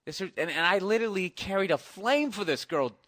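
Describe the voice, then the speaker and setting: A man with a fairly high, tense, forceful voice tells stories in a loose, profane podcast chat. His delivery is animated and full of swearing. The sound is close and completely dry. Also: fairly quick, dry recording. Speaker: podcast co-host. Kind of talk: casual chat.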